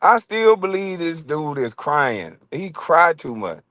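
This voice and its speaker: Man streamer, profane mocking rant, lively swinging pitch, dry close sound. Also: slow pace, dry recording. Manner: mocking, profane, laughs often. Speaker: livestream host.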